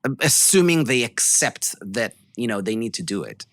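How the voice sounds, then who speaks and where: A man's voice: mid-range voice, sing-song, moderate pace, fairly bright tone, no echo, studio quality. A man co-hosting a business podcast, asking questions in a hesitant, thoughtful way with frequent "um"s. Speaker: podcast co-host. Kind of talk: casual business podcast chat.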